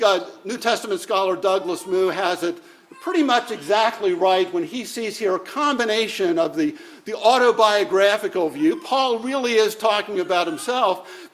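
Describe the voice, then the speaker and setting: A man preaching a sermon in a measured, deliberate way, with frequent "uh" pauses. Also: sits high. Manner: measured, deliberate, with many "uh" fillers.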